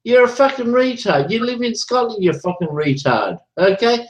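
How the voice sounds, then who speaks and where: A man's voice: very high-pitched, animated, normal speed, rough recording. A man hosting a casual chat, ranting in a heated, profane, repetitive way while drinking beer.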